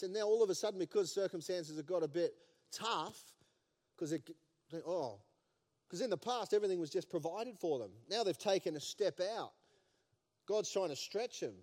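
A man preaching a sermon, telling the story in an animated way with playful asides. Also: sits high, a little fast. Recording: long reverb of a large hall.

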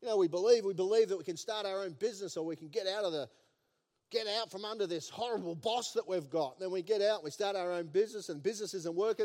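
A man with a notably high voice preaches a sermon in a big hall, and his words hang in a long, lingering reverb. He tells the story in an animated way and slips in playful asides along the way. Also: fast.

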